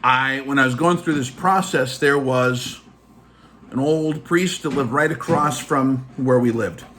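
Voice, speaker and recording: A man's voice: mid-range voice, unhurried, a bit bright, a little hiss or hum. A man hosting a casual vlog, telling a personal story in a chatty way full of fillers. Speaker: channel host.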